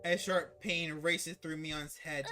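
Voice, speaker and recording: Streamer reading out a visual novel, slow and deliberate, music in the back. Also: medium pitch, steady tone, sharp tone. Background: background music.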